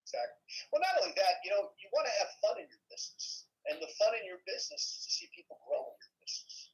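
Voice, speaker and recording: A man's voice: high voice, sing-song, fast talker. A man with a faded New York accent, telling business stories in a casual chat, often checking in with "okay?" and "right?". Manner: storytelling, repeats words, asks "okay?". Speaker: guest. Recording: dull lo-fi sound.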